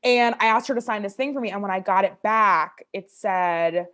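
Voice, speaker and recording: A woman's voice: medium pitch, moderate pace, a bit bright. Young woman co-host, chatty storyteller, mid-range voice. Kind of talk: casual podcast chat.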